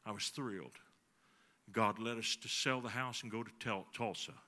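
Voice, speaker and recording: A middle-aged man preaching a sermon, telling a folksy personal story that swings between soft, confiding passages and emphatic ones. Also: fairly low pitch, normal speed. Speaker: pastor.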